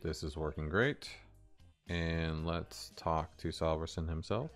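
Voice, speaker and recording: A man developing a game on a live stream, talking to himself and swearing casually, his voice a bit hoarse. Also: rumbling low, slow pace, faint music behind.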